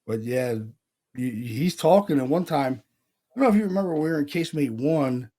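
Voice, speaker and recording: Speaking briskly and with animation, this paranormal investigator from Pennsylvania co-hosts a podcast in casual conversation. His voice is a little high and mellow as he loosely spins stories, mimics the voices he heard, and curses casually.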